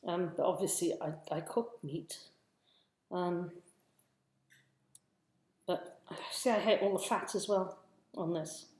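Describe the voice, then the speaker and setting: A fairly low-pitched, darkish voice comes from a woman hosting a casual home cooking stream, speaking slowly and pausing often in a very echoey room. She chats to viewers in a scattered way, greeting them mid-task.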